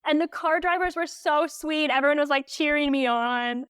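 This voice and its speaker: A woman guest on a podcast telling a story candidly, animated and full of "like" fillers. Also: sits high, normal speed, dry recording, clean studio sound. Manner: emotional when recalling.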